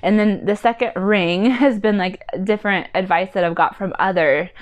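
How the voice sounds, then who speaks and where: A woman's voice: medium pitch, normal speed. A woman vlogging about decluttering as a mother, chatty and rambling, with lots of "like" and "um", and earnest in tone. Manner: chatty and rambling, with many fillers like "like" and "um"; earnest and heartfelt. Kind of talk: casual personal vlog talk.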